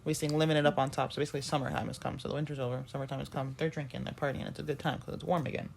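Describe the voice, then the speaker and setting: A woman's voice: rumbling low, fairly even intonation, rapid-fire, gravelly. A woman co-hosting a podcast, retelling a musical's plot in a casual, rambling way with plenty of fillers and restarts. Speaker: podcast co-host. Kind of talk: casual chat.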